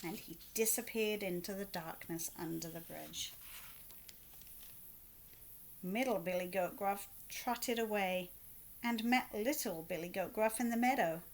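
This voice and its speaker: A woman reads a children's picture book aloud at a slow, careful pace. Her voice sits in a middle pitch, and she pauses for asides to her young listeners. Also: a little hiss or hum. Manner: slow, expressive read-aloud with asides to kids. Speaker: children's story reader.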